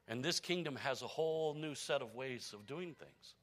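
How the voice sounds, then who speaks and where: Bright-voiced male preacher telling a story. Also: medium pitch, expressive, moderate pace, few pauses. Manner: storytelling preacher, swings from hushed to shouting. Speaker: pastor. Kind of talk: sermon.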